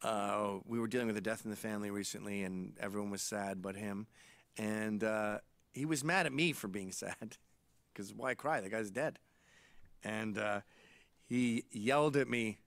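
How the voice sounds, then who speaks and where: A man's voice: fairly low pitch, normal speed, creaky, dry recording. A man in his late forties, from Canada, telling irreverent comic stories in a podcast monologue. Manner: irreverent, animated storytelling. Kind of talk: comedic monologue.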